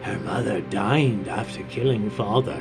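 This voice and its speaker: A man's voice: fairly low pitch, measured pace, music in the background, close to an everyday voice. A man voicing a grinning male goblin who poses a riddle, read aloud in his own plain voice. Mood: sly.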